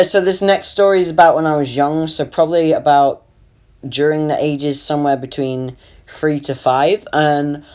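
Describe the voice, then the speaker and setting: A man's voice: on the high side, a little mellow. A young man narrating a comic animation in a rambling, self-deprecating way. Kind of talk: comedic voice-over narration.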